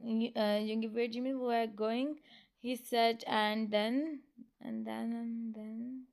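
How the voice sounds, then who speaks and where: A woman reading a romance fan story aloud in a casual, halting way, with many fillers and restarts. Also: on the high side, flat delivery, vocal fry, darkish tone. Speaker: fan fiction reader.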